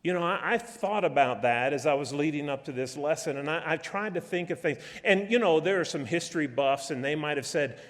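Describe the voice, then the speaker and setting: A man's voice: a little high, animated, a bit bright. A man preaching a sermon in a church, talking in a conversational way with frequent restarts and fillers. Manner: conversational, halting with many restarts. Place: church auditorium. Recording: long reverb of a church hall.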